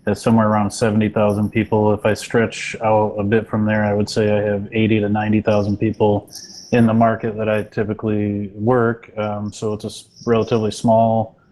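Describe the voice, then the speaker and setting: Male real estate agent on a panel; low, even delivery, thoughtful pacing with restarts. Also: poor audio. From small rural county. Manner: reflective, measured, many restarts. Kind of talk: panel discussion answer.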